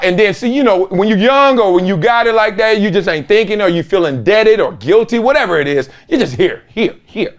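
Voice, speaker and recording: Man, middle-aged, sports talk host, high voice, very lively pitch, emphatic storytelling. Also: brisk, few pauses. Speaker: host, former NFL player. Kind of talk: animated sports talk monologue.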